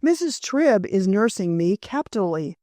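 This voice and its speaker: A woman voicing a feverish young man who speaks tiredly and gently, reassuring. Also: medium pitch, sing-song, moderate pace, dry recording, clean studio sound, close to an everyday voice. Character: ailing young man, feverish but cheerful.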